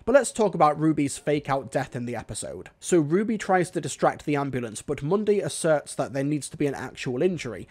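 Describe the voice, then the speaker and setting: A man narrating a scripted video review of a TV episode, analytical and measured, with dry asides. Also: a little high, big pitch swings, a little mellow.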